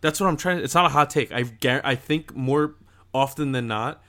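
A man's voice: mid-range voice, moderate pace, bright, forceful tone. A man co-hosting a podcast in casual chat, blunt and argumentative, laughing at his own jokes. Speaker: podcast co-host.

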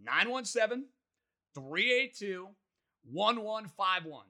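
New sports radio guy, super bright sharp voice, really lively, loud opinions. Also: high-pitched, moderate pace. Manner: emphatic, opinionated, animated.

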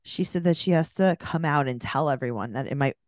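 A woman's voice: low-pitched, a little fast, no room sound, studio quality. A woman co-hosting a podcast, recapping a reality show in casual chat and acting out the people she quotes. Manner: animated, mimics people in quoted voices. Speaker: podcast co-host.

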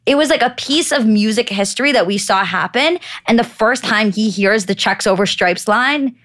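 A woman's voice: fairly high pitch, expressive, normal speed, a bit bright. A woman co-hosting a podcast in casual chat, rambling along with lots of "like" and free swearing. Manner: rambling, heavy use of "like", swears freely. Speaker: podcast co-host.

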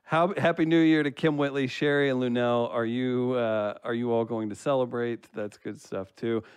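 A podcast co-host with a smooth, medium-pitched voice reads listener comments aloud at normal speed, with no echo. The banter is relaxed and joking, and he laughs often as he reads.

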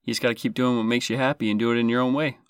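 A man's voice: mid-range voice, level tone, racing, smooth, no room sound, studio quality. A man hosting a comedy podcast, talking in a self-deprecating, jokey, sarcastic way. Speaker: podcast host.

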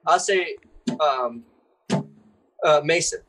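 A man's voice: a little high, slow pace, over music, rough recording. A man guesting on a podcast in casual chat, loose and profane, often laughing as he talks.

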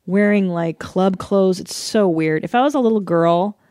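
A woman's voice: medium pitch, moderate pace, no echo. Woman podcast host in her thirties, loose and profane, laughing through a solo rant, dry close-mic sound. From United States. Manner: animated, profane, laughing often.

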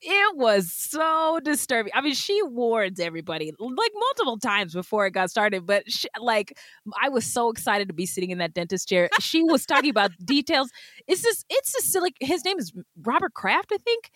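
A woman's voice: fairly high pitch, very animated, moderate pace, fairly bright tone, no room sound, studio quality. A woman co-hosting a true crime podcast, chatting casually, rambling and laughing often. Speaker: podcast co-host. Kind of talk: casual chat.

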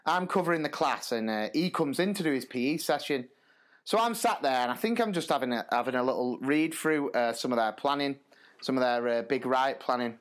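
A man co-hosting a podcast, a primary school teacher telling stories in a casual, animated way and laughing through them. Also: mid-range voice, a little fast. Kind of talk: casual storytelling chat.

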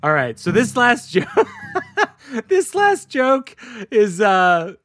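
High-voiced male podcast host. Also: huge pitch swings, slow pace, a bit bright, faint music behind. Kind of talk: comedic storytelling and ad read.

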